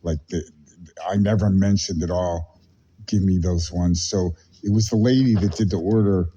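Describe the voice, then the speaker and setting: A man on a confrontational phone call with a company, agitated and rambling, putting on a mock-calm tone. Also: sits low, normal speed, breathy edge.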